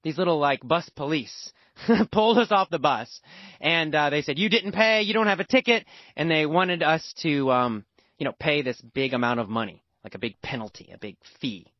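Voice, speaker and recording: An American man tells a story as part of a lesson. His voice sits fairly high and swings widely in pitch as he stresses and repeats words. The recording is dry and dull, with a lo-fi edge. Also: animated, normal speed, no echo. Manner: emphatic, repeats words for emphasis. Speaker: language teacher.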